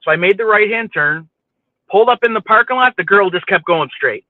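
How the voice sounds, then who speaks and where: Guy with a higher voice telling a story, swears a lot, sounds thin like it's over a phone. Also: a little fast, no room sound, phone-quality sound. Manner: profane, animated, keeps asking "you know what I mean". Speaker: podcast host telling a story. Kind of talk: casual storytelling chat.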